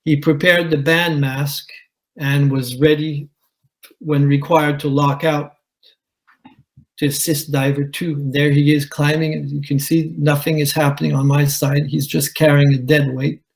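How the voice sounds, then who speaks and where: A man, a commercial diver, telling his own story at a conference in a measured way, with pauses. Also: fairly high pitch, flat delivery, gravelly, rough recording. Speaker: commercial diver giving a talk. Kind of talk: conference presentation, personal account. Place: conference hall.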